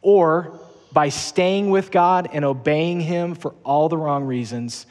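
A man's voice: fairly high pitch, slow, darkish tone. Earnest preacher man in an echoing hall. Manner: earnest, emphatic, repeats key phrases. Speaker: pastor. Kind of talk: sermon.

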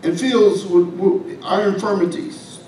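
High-voiced preacher in an echoey church. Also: male voice, a little slow, a little mellow, distant mic, slight background noise. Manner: folksy, humorous preaching with asides to the congregation. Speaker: pastor. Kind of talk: sermon. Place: church sanctuary.

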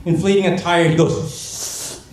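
A man's voice: sits high, little pitch movement, unhurried, darkish tone. Man doing stand-up in an echoey hall. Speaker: stand-up comedy student. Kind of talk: stand-up comedy set. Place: gala stage before a laughing audience. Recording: echoey hall with audience noise.

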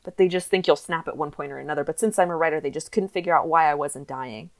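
A woman reading the lines of a weary young female prisoner in a lowered, matter-of-fact voice. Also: fast, darkish tone.

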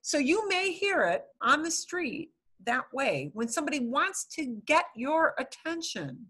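Woman, Spanish teacher, slow delivery, repeats words, bright tone. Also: sits high, big pitch swings. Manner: patient, explains slowly, repeats words. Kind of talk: online language class.

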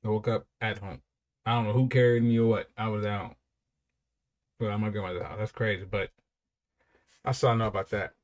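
A man's voice: on the low side, steady tone, brisk, long pauses. A young man giving casual, rambling commentary while reacting to music, with frequent repeated praise.

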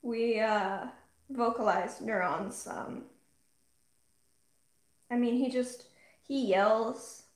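Woman host, playful livestream chatter, a bit high, roomy sound. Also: drawn-out words, pauses often. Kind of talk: casual chat while painting. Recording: roomy echo.

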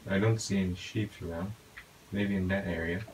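A man with a very deep voice talks his way through a game, muttering to himself and breaking into sudden excited outbursts. A faint hiss sits under the recording. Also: normal speed, poor audio. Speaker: gaming YouTuber. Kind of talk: casual gameplay commentary.

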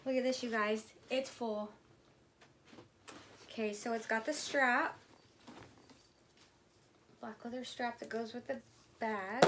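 A woman vlogger chatting casually to her viewers as she unboxes items, gushing and excitable. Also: on the high side, slow pace, pauses often, slight background noise.

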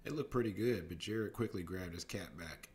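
A man reading a storybook aloud as a bedtime story, steady narration broken by lively voices for the characters. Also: low voice, moderate pace, a little hiss or hum.

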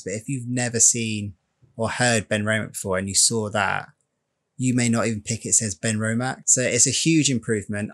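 A man's voice: lowish voice, fairly bright tone. A man in a casual chat, agreeable and a little rambling, laughing easily. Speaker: guest whisky reviewer.

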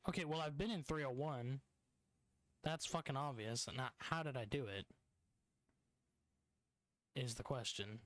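A man's voice: medium pitch, unhurried, long pauses, a bit bright, no echo. A young man commenting on his own gameplay as he plays, frustrated and swearing a lot. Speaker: gamer streamer. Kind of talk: let's play commentary. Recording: noisy home recording.

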